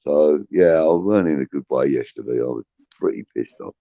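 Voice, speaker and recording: A man's voice: a bass voice, brisk, gravelly, no room sound, highs cut off. A man hosting a casual livestream, rambling with many restarts and swearing, reading out chat comments. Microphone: phone.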